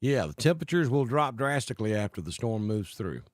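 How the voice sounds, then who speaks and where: A man's voice: medium pitch, big pitch swings, dry recording, clean studio sound. Folksy Southern man reading off weather greetings. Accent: Southern US, Alabama with north Georgia mountain mix. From Alabama. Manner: folksy, unhurried, greets viewers by name. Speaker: weather livestream host. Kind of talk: live weather stream, reading viewer comments. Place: home in northeast Georgia.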